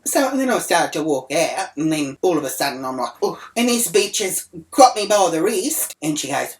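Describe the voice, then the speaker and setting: Brash, foul-mouthed Australian woman with a low voice who rambles through a comic rant. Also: animated, moderate pace, few pauses. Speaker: storyteller.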